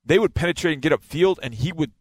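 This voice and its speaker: A man's voice: on the high side, quick pace, dry recording. A man giving a casual football breakdown, explaining and stressing key words again and again. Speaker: football analyst.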